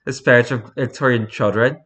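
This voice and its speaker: Male host, bright tone, dry playful reader of posts. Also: mid-range voice, steady tone, fairly quick. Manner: wry, playful asides. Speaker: video host reading posts. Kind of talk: casual commentary.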